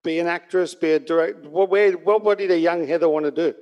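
A man's voice: on the high side, brisk, lo-fi sound. A man hosting an interview, asking questions and giving brief supportive prompts. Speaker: podcast host.

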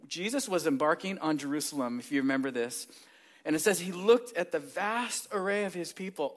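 Earnest guy preaching, kinda high voice, gets quiet then loud and pushy. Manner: earnest and emphatic, swinging between hushed and raised passages. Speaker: pastor. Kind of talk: sermon.

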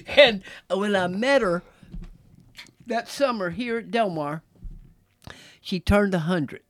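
A middle-aged man from Texas, a former jockey, telling stories in a relaxed, rambling interview chat. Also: high-pitched, no room sound. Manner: relaxed, drawn-out storytelling with asides. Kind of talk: casual storytelling.

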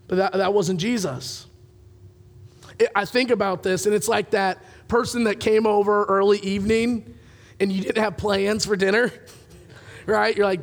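High-voiced pastor telling a story. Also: male voice, fairly even intonation, unhurried, creaky. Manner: storytelling, acts out dialogue, chuckles often. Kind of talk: sermon.

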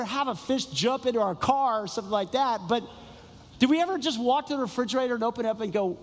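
High-voiced preacher in a reverberant hall. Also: male voice, fast. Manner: storytelling, exclamatory and repetitive. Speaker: pastor. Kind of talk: sermon.

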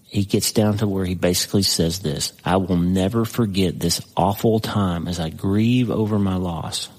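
Husky low-voiced man preaching a sermon. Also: a little mellow, low-quality recording. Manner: reads scripture slowly with dramatic pauses; conversational asides, addresses listener as friend. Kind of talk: sermon teaching with scripture reading.

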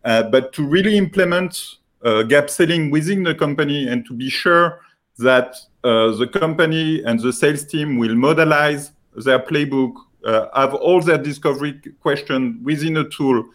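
A man from France with a French accent pitching his software product, speaking haltingly with many filler sounds.

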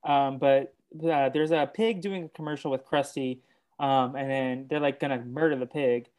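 A man's voice: mid-range voice, steady tone, normal speed, a little mellow, clear, resonant tone. A man co-hosting a casual podcast, recapping film scenes step by step with frequent hesitations. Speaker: podcast co-host.

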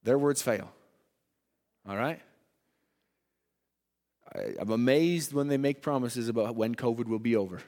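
A man preaching a sermon in a church hall, swinging between loud emphatic lines and hushed ones. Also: mid-range voice, measured pace, long pauses. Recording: long hall reverb.

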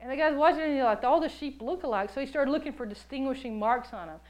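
High-voiced woman preaching a story. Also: fast talker. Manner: animated storytelling, acts out quoted voices. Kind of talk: sermon with personal story.

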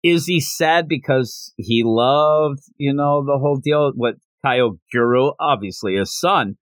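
A man hosting a casual podcast, recapping a manga chapter with jokes and frequent laughs, slipping into quick character voices. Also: mid-range voice, no room sound, studio quality. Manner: animated, slips into character voices while retelling scenes; joking, laughs often. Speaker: podcast host.

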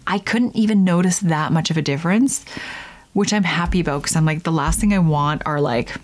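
Brief: young woman, podcast host, chatty and animated, casual solo talk. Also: low-pitched, fairly quick. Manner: chatty, animated, acts out silly voices in quotes.

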